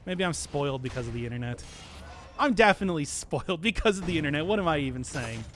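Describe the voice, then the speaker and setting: A Midwestern man streaming a game, his voice sitting high and swooping all over as he rambles to chat. He laughs often and talks in a loose, animated way. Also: fast, soft background music. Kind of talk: casual stream chat while playing.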